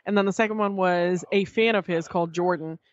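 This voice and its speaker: A woman guest on a podcast, telling a story in casual chat, animated and swearing freely as she acts out what others said. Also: on the low side, brisk, no room sound, dull audio.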